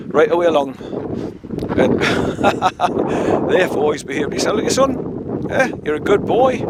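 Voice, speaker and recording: Man, windy outdoor vlog. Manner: rambling and chatty, with a coaxing higher voice for the dog. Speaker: vlogger walking his dog. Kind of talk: casual walk-and-talk narration. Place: outdoors on a woodland trail by a stream. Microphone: handheld camera mic. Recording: loud wind noise on the mic.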